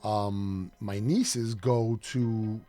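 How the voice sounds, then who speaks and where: A man's voice: fairly low pitch, fairly even intonation, drawn-out words, mellow, soft background music. A man co-hosting a casual podcast, rambling and correcting himself as he tells stories. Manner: rambling, self-correcting storyteller. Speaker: co-host.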